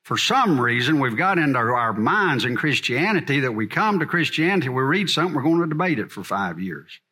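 A man's voice: medium pitch, sing-song, a little fast, sharp tone. A middle-aged man teaching a church congregation in a blunt, folksy sermon style. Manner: folksy and blunt, drawling asides.

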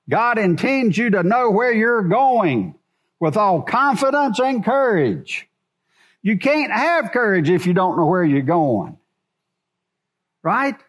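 A man preaching a sermon to a congregation in a church, asking rhetorical questions as he goes. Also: sits high. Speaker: pastor.

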